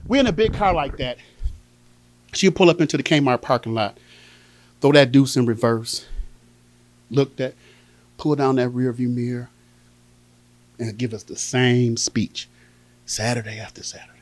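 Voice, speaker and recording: A man's voice: sits high, quick pace. A man performing a stand-up comedy set, telling family stories and acting out his relatives. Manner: animated storytelling, acting out family members.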